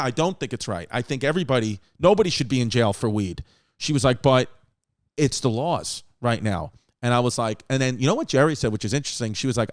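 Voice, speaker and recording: A man's voice: mid-range voice, no echo, studio quality. A man hosting a comedy podcast, telling rambling stories in casual chat, acting out what friends said and swearing freely. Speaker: podcast host.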